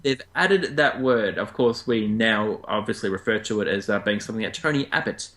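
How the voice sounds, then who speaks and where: A man's voice: fairly quick, a bit bright. Chatty Australian man co-hosting. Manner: chatty, jumps up in pitch for jokes. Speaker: co-host. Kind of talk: casual podcast chat.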